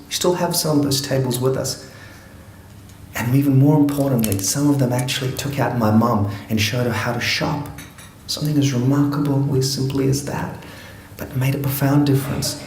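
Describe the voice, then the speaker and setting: A man's voice: mid-range voice, a little mellow, echoey room, slight background noise, rough recording. A man from Afghanistan telling his life story to an audience in an earnest, reflective way, with touches of humor.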